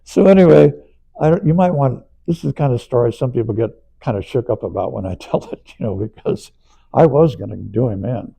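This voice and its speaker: Gravelly older man telling anecdotes. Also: mid-range voice, animated, fairly quick, warm tone, poor audio. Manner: chuckling, rambling anecdotes. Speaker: interviewee. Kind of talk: anecdotal storytelling.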